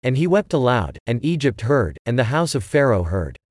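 A man giving a steady, measured scripted reading of a Bible chapter. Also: medium pitch, dry recording, studio quality. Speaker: scripture reader.

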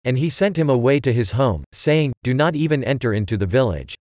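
A man giving a measured scripture reading, phrase by phrase. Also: mid-range voice, animated, darkish tone, no echo, clean studio sound. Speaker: scripture reader.

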